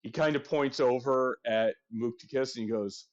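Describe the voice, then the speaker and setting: A man narrating as game master in a tabletop game, in a halting, casual manner full of fillers. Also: mid-range voice, dull audio.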